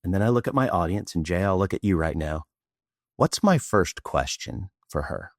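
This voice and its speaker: Middle-aged male coach from Texas, animated storyteller with a deep, dry voice. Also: normal speed, no room sound. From Austin, Texas. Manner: animated, acts out dialogue. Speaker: guest, presentation coach. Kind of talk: storytelling in interview.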